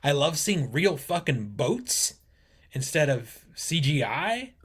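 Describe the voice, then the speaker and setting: A man co-hosting a podcast, easygoing and enthusiastic, swearing casually in relaxed chat. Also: fairly high pitch, slow pace, husky. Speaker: podcast co-host.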